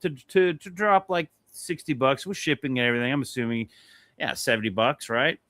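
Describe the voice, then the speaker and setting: Co-hosting a laid-back talk show, a man rattles through a drawn-out anecdote full of curse words, sounding lively throughout. He talks briskly at a medium pitch, and the recording has no echo.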